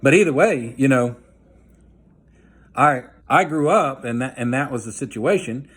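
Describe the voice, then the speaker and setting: A man of ordinary pitch recounts a personal story straight to the listener. His talk is blunt and folksy, full of slang and loose "you know" asides. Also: lively intonation, unhurried, fairly bright tone, husky. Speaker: vlogger telling a personal story. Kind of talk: casual storytelling monologue.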